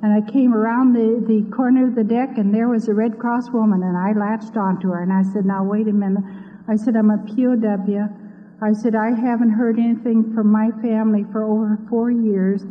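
A woman's voice: fairly high pitch, little pitch movement, moderate pace. A woman from Iowa gives an earnest, devout personal testimony, telling her story. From Iowa, USA. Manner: earnest, devout, speaks openly of her faith. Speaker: speaker giving a personal testimony. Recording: tinny lo-fi audio with long hall reverb.

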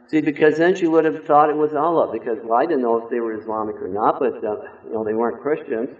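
A man preaching a sermon in an earnest, emphatic way, telling a personal story. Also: a little fast. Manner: earnest, emphatic, varies pitch and loudness for stress. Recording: echoey room over a phone-like line.

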